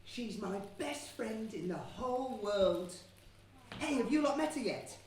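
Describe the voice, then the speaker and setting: A woman playing a silly young man in a stage pantomime, chummy and playful as she gets the audience shouting. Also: a little high, animated, measured pace. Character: Bree, a silly, cheese-loving young man. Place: theatre stage. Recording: echoey theatre from far off, noisy.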